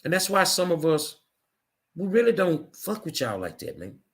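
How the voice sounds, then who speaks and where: A man's voice: on the high side, wildly swooping pitch, moderate pace, creaky. Fired-up man ranting on his show. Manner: angry, ranting, emphatic repetition. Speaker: show host. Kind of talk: impassioned monologue.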